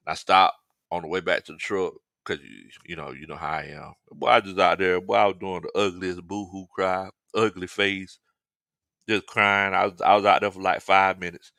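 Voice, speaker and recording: A man's voice: low-pitched, fairly even intonation, moderate pace, vocal fry, sharp tone, dry recording, clean studio sound. A man hosting a casual sports talk stream, joking, laughing often and reading fan comments. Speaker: sports talk show host.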